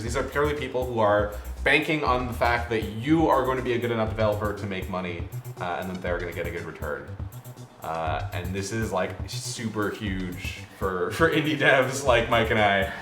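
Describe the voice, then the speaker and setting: A man, an indie game developer, co-hosting a casual chat and explaining things at a relaxed pace with lots of fillers. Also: fairly low pitch. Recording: roomy sound with faint music.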